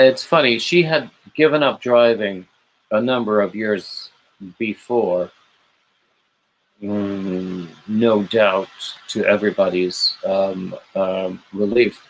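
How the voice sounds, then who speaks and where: Slow-talking man chatting on a late-night livestream. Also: lowish voice, slight background noise, poor audio. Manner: rambling, warm greetings to chat viewers by name; gushing, emotional asides. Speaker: livestream host.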